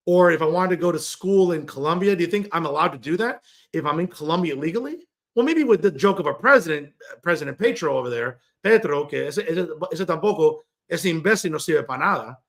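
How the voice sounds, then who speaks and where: A man hosting his own political commentary show, his voice sitting fairly high for a man. He rants in a combative, sarcastic way and slides into Spanish mid-rant. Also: fairly bright tone. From New Jersey. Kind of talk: opinion monologue.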